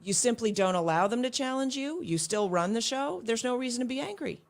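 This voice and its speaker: A woman's voice: a little high, lively intonation, a little fast. Earnest middle-aged woman telling a story. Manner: earnest, reflective storytelling with frequent restarts. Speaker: guest, homeschooling mother. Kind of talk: casual interview chat.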